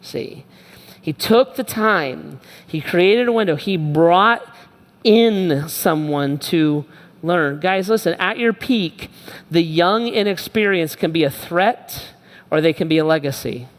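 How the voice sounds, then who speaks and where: Male pastor, sermon, slightly high voice, emphatic and conversational, long church-hall reverb. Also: lively intonation, unhurried. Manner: conversational, emphatic, repeats phrases. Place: church auditorium.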